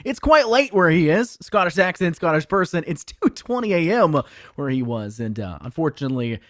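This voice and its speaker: Young man, esports caster, lively pitch, dry close mic, tired, jokey. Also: normal speed, no room sound. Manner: excited, jokey, rambling. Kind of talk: esports commentary.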